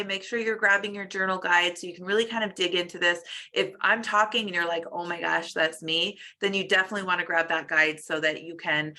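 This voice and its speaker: A woman's voice: on the low side, bright, forceful tone. A woman coach hosting a weight loss show, giving encouraging advice in a casual, conversational way with frequent fillers. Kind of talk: casual motivational talk.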